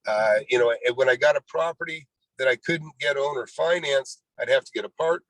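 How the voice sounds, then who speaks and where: A man's voice: mid-range voice, a little fast, a bit bright, no room sound, low-quality recording. A man in his sixties, a real estate investor guest, telling his life story in a rambling way, often saying "you know" and acting out what people said. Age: 60s. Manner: rambling, full of "you know", acts out quoted dialogue. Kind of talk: storytelling interview.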